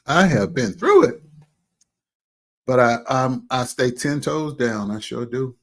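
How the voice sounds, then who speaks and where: Speaking in a mid-range voice, a man hosts a casual livestream chat. He's lively and exclamatory, pausing for many stretched-out hums and adding folksy asides.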